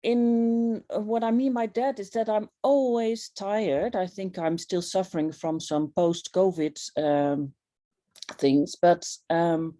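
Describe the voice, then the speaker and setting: Woman, mellow voice, slow, thoughtful, hesitant, group video call. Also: medium pitch, no room sound, clean studio sound. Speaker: circle participant. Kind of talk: personal sharing in a group call.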